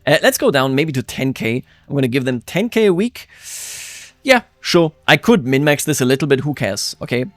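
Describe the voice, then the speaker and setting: A man's voice: lively intonation, no echo, faint music behind. Chatty man musing over a strategy game. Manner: chatty, musing aloud, quick jumps of pitch and loudness. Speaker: let's-play host. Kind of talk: game commentary.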